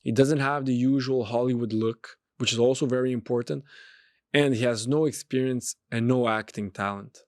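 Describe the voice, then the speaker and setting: A man hosts a podcast, delivering an emphatic motivational monologue and repeating phrases for effect; he is a podcast host and street pastor. His voice is medium-pitched and darkish, with fairly even intonation and a moderate pace. The recording is studio quality with no echo.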